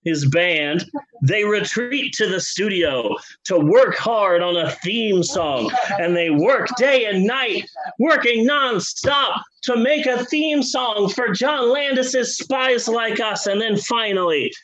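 A man hosting a podcast, telling a funny story in a casual, profane, jokey way with quick asides. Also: high voice, lively intonation, fairly bright tone, low-quality recording.

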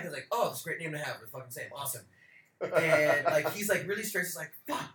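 Young man, podcast co-host, casual storytelling, profane, acts out quotes, bright forceful voice, echoey room. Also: a little high, lively intonation, brisk. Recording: roomy echo.

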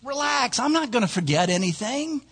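A man's voice: very high-pitched, very animated, moderate pace, fairly bright tone, breathy edge, big-room sound, voice pushed up, heavily acted. A man voicing a careless young female babysitter in a sermon anecdote, in a raised, airy voice. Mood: breezy.

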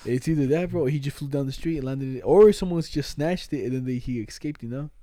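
A man's voice: medium pitch, quick pace, dark tone, dry recording. A young man chatting casually, telling stories in heavy slang with frequent laughs and swearing. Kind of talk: casual chat.

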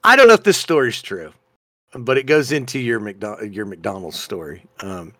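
Animated, laughing podcast guy. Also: fairly low pitch, moderate pace, no echo, clean studio sound. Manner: animated, laughs often, reads news stories aloud. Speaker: podcast co-host. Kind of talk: casual podcast chat.

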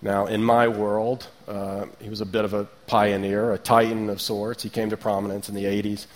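A preacher in his thirties gives a relaxed, conversational sermon sprinkled with rhetorical questions and light asides. His voice is lowish and his speed normal.

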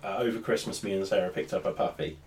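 A man co-hosting a casual gaming podcast, relaxed, with lines that trail off quietly. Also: sits low, fast, far from the mic. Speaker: podcast co-host.

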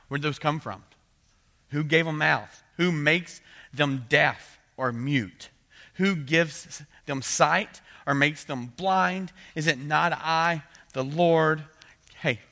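A man's voice: a little high, bright, forceful tone. A middle-aged man giving a conversational sermon, acting out voices and often asking "right?". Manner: conversational preaching, acts out voices, frequent "right?". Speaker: pastor.

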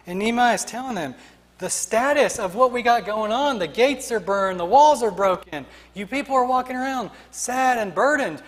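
A man's voice: high voice, normal speed, in a large hall. A man preaching a sermon as pastor, emphatic and rhythmic, building his points through repeated refrains.

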